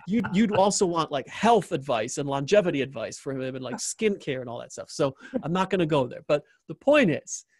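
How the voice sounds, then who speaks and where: Animated, joking man hosting an interview. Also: a little high, no echo, clean studio sound. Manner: animated, joking, repeats phrases for emphasis. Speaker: interview host. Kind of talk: enthusiastic closing endorsement.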